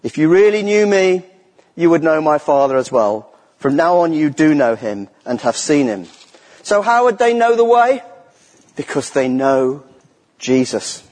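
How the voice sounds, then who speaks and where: A middle-aged lay preacher gives an unhurried, earnest and emphatic sermon in a church, repeating key phrases for weight. His voice sits a little high, expressive and darkish in tone. The recording carries the long reverb of an echoey church hall.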